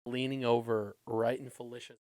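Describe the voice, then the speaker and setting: A man's voice: mid-range voice, little pitch movement, normal speed, a little mellow, no echo. A man co-hosting a casual fan podcast, riffing jokily in trailing sentences. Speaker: podcast co-host.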